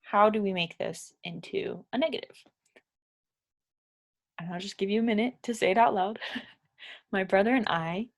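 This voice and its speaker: Patient woman teaching grammar. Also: mid-range voice. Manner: patient, explains step by step, asks learners questions. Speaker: English teacher. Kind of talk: grammar lesson.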